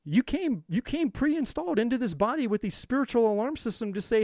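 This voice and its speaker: A man's voice: extremely high pitch, lively intonation, fairly quick, few pauses, darkish tone, no echo, clean studio sound. A man giving a spiritual talk on a live tarot stream, preachy and profane, repeating words for emphasis. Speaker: tarot reader.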